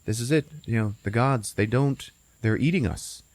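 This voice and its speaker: A man's voice: medium pitch, normal speed, a little mellow, no echo, close to an everyday voice. A man voicing a frantic, fed-up male sausage in a movie recap, urgent and swearing.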